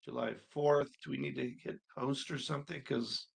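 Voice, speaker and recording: Gravelly-voiced man walking through homework. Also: mid-range voice, steady tone, moderate pace. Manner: casual, thinking aloud, mildly exasperated. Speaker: accounting instructor. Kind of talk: screen-recorded homework walkthrough.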